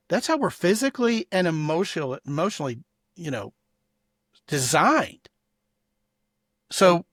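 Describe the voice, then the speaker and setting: A man's voice: fairly high pitch, no echo, clean studio sound. A middle-aged man hosting a podcast, giving emphatic, preachy advice in casual conversation. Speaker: podcast host.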